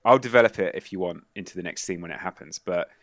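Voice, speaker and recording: Male game master, low voice, chatty, dry close recording. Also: fast, fairly bright tone, no echo. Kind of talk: explaining the game, casual.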